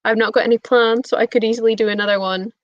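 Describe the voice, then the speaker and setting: A young woman, bubbly and prone to little laughs, chatting to her viewers in a fairly high voice. The sound is dry and close, with a dull, lo-fi stream quality. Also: steady tone, racing, no room sound. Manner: bubbly, giggly, reading out chat messages. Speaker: booktube streamer. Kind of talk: casual live-stream chat.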